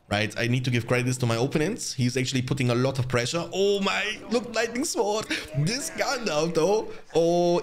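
A young man commentating his own strategy game match for viewers, chatty and quick to get excited. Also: medium pitch. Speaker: gaming channel host. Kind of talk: live gameplay commentary.

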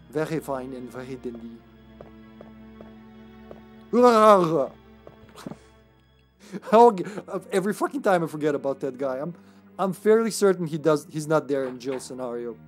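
Guy streaming a game, regular pitch, goofy and laughy, gets hyped fast, a bit of game music behind. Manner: playful, jokey, laughs often, bursts of excitement. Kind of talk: casual let's-play commentary.

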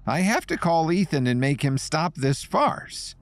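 A scheming, pregnant woman who snaps in sharp, irritated bursts, as a male narrator puts her on. Her voice sits well above his natural pitch and swings widely. It is a dry, close recording with faint music behind. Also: sing-song, measured pace, dry recording. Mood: exasperated.

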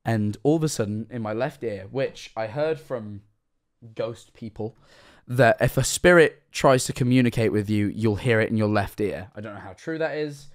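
A tipsy man in his twenties streaming live, rambling through a story, jumping from loud outbursts to hushed asides. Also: fairly low pitch, moderate pace. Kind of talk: casual live-stream chat.

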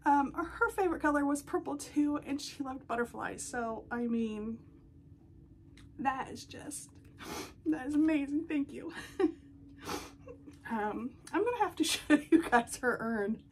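Woman, high voice, unhurried, gushing unboxing vlog, chats to viewers. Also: slight background noise. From United States. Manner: gushing, excitable, talks to viewers. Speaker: doll collecting channel host. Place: home.

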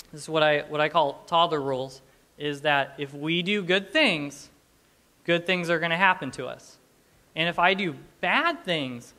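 Bright-voiced man preaching a sermon. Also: fairly high pitch. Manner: conversational, humorous, with frequent restarts. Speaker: pastor.

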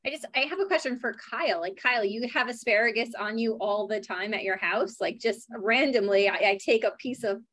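A woman's voice: on the high side, a bit bright. A woman co-hosting a casual video call, chatty and teasing. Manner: teasing, chatty, quick to laugh along. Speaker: co-host.

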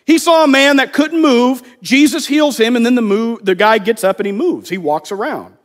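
Guy preaching a sermon, really high voice, chatty, does little voices for quotes. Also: moderate pace. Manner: conversational, acts out quoted voices. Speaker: pastor.

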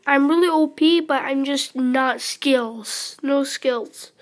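Nervous, high-voiced girl gaming. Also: takes it slowly. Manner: nervous, apologetic, giggly; excited outbursts during play. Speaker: gamer. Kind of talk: nervous gameplay commentary. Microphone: phone.

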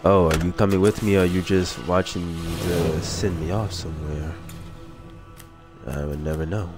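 A lower-voiced man who is a bit under the weather with a cold, rambling through a casual let's-play. He mutters to himself and drifts into goofy asides while game music plays clearly behind him. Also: steady tone, moderate pace. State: sick with a cold. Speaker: gaming video creator.

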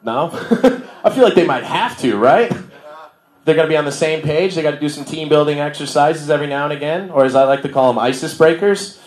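On a bar's comedy stage, a young Milwaukee comic runs through a slangy, relaxed set and chuckles at his own material. His voice is a little high and brisk, captured in an echoey room.

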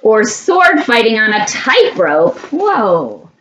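Slow, animated woman reading a storybook. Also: fairly high pitch, muffled recording, slight background noise. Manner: slow, animated, laughs often. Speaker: storytime reader. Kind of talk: reading a picture book aloud to children.

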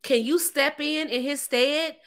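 A woman from the United States giving an animated relationship-coaching talk, emphatic, repeating phrases and laughing often. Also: high voice, measured pace. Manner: plays out short quoted voices.

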